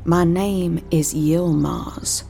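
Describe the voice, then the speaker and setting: A woman voicing a mysterious man who quietly accuses the hero in an audio drama. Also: on the low side, steady tone, extremely slow, creaky, soft background music, heavily acted. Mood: accusing.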